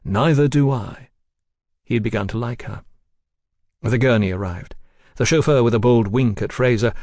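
A man reading a novel aloud as narrator in a measured storytelling style. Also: fairly low pitch, a little mellow, no room sound, studio quality. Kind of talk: audiobook narration.

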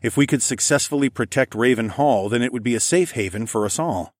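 A man narrating an audiobook in the first person, in a calm, even, low-key way. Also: fairly quick, dry recording, clean studio sound.

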